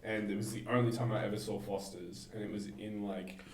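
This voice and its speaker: A man's voice: on the low side, steady tone, a little fast, roomy sound, distant mic, crowd noise, rough recording. A young Australian man in a casual podcast chat, blunt and swearing. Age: young adult.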